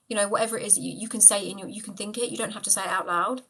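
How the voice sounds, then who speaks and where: A woman's voice: mid-range voice, racing, few pauses, sharp tone, husky, poor audio. A woman talking casually on a live stream as a manifestation coach, chatty and affectionate as she answers viewers' comments.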